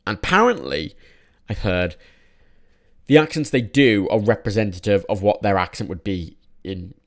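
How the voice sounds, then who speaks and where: A man's voice: fairly low pitch, lively intonation, normal speed, vocal fry. A young man casually reviewing films in a vlog, rambling with many restarts and frequent swearing. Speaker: film reviewer.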